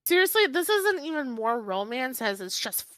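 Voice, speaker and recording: A woman's voice: high voice, normal speed, no room sound, low-quality recording. A young woman co-hosting a casual podcast, gushing dramatically with frequent laughter and swearing. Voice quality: laughs often, animated storytelling. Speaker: podcast co-host. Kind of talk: casual chat.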